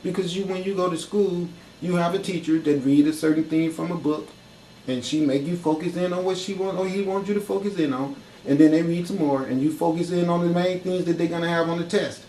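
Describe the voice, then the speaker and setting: A man's voice: on the high side, steady tone, brisk, dark tone, slight background noise, low-quality recording. A man giving an impassioned, profane talk full of rhetorical questions. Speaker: speaker in a discussion.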